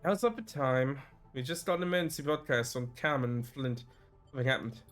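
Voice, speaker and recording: A man voicing a calm, practical young colonist woman, raising his voice a little and reading her lines aloud with stumbles. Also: medium pitch, a little fast, soft background music, lightly acted. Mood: urgent.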